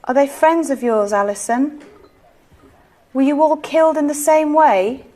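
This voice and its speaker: Woman, high-pitched, gently coaxing séance leader. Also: measured pace. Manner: soft, coaxing, pleading questions. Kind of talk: ghost-hunt séance questioning.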